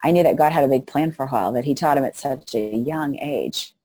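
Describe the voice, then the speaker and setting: In a rumbling low voice at a brisk clip, a middle-aged woman, a missionary guest on an interview, spins animated stories and plays out each quoted voice. There's no room sound.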